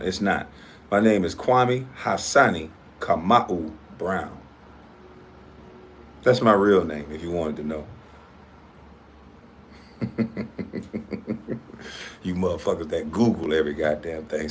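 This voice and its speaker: A man's voice: low-pitched, slight background noise. A man hosting his own livestream, talking in a casual, blunt and profane way as he confronts a critic. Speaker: livestream host.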